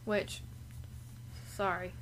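A woman's voice: very slow, a bit bright, a little hiss or hum. A woman co-hosting a casual podcast chat, brash and joking, swearing freely.

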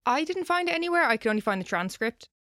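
A woman's voice: high voice, big pitch swings, fast, fairly bright tone, dry recording, studio quality. A woman co-hosting a podcast, telling a story in a loose, chatty way and swearing casually. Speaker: podcast co-host.

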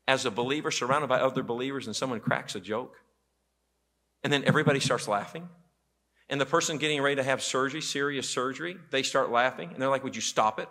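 A man preaching a sermon as pastor in a church auditorium, telling stories with quoted voices. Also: mid-range voice. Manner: animated storytelling with quoted voices.

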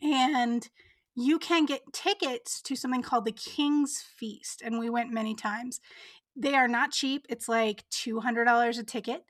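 Female co-host, higher pitch, dry recording, enthusiastic chatter. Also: fairly even intonation, measured pace, a bit bright, dry recording. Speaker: podcast co-host. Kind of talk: casual chat.

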